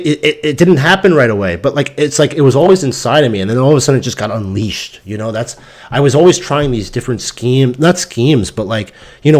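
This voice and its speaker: A man hosting a crypto stream, telling stories in a casual, rambling and profane way, ranting and sounding exasperated. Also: medium pitch. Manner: profane, animated storytelling.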